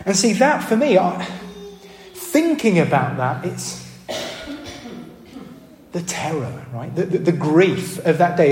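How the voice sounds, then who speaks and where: A man's voice: high-pitched, a little mellow, slight background noise. A man preaching a sermon, earnest and questioning, often checking in with the congregation. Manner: earnest, asks the congregation questions, repeats words when restarting. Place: church hall. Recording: roomy hall reverb.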